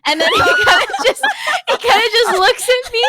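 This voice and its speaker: A woman's voice: very high voice, wildly swooping pitch, normal speed, raised voice, noisy background. A young woman hosting a stream, chatting in a giggly, bubbly way. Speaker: streamer host. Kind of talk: casual chat.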